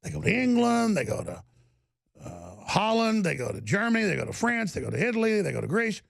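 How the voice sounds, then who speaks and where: Male talk host, gravelly and husky, impassioned rant with shouted outbursts. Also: high voice, wildly swooping pitch, a little fast, no room sound, studio quality. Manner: impassioned, bursts into angry shouting. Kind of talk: ranting monologue.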